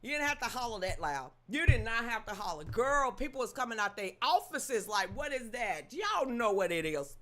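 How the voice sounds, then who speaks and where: A woman with a Southern US accent hosting a casual livestream chat, greeting viewers by name, gossiping and teasing as she breaks into loud laughter. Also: fairly high pitch, big pitch swings, normal speed, hardly any pauses. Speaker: livestream host.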